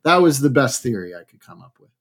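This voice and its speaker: Musing man from Massachusetts, lively pitch. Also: fast talker, husky. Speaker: actor and podcast guest. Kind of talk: casual chat.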